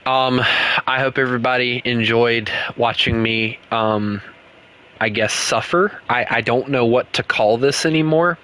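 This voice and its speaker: A man's voice: mid-range voice, measured pace, a bit bright, a little hiss or hum. An American man streaming a game, chatting casually and teasing a viewer in a joking, rambling way with many fillers. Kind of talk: casual livestream chat.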